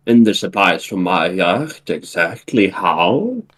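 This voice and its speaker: A man voices a scheming imperial official who gives orders coldly and broods over his losses. The voice sits low and the delivery is slow and deliberate, as in a comic read-aloud. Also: very animated, fairly bright tone, full character voice, low-quality recording. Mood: commanding. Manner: cold, commanding, measured.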